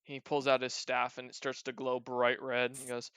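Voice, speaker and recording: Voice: medium pitch, monotone, brisk, few pauses, fairly bright tone, clean tone, no room sound. A game master narrating a tabletop game in a loose, hesitant way.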